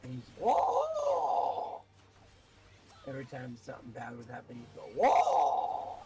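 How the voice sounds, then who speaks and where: A man's voice: medium pitch, monotone, rapid-fire, loud music behind the voice, poor audio. A man streaming a video game, chatting casually and at length with a co-player. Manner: rambling, chatty, talks with a co-player. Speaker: streamer playing an online game. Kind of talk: casual chat while gaming.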